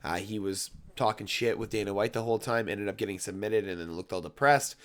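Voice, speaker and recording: A man giving casual MMA fight predictions in a brash, rambling, emphatic way. He swears heavily, and his voice is getting hoarse. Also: on the low side, brisk.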